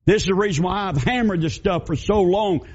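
A man's voice: high-pitched, fairly quick, darkish tone, breathy edge. A man, preaching a sermon in a folksy storytelling way that turns fiery. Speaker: pastor. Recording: dull lo-fi recording.

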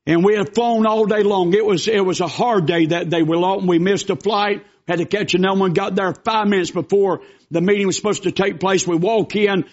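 A man's voice: high-pitched, fairly even intonation, brisk, hardly any pauses, lo-fi sound. A man preaching a sermon as pastor, telling stories in an earnest way with emphatic bursts.

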